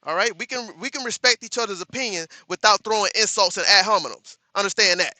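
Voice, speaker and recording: A man hosting a live stream talks straight to his chat and reads their comments aloud. His voice is bright and a little high, and he repeats lines like a refrain. The sound is dry and close. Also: fast talker, no room sound. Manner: talks straight to chat, repeats "understand that", gets loud and firm.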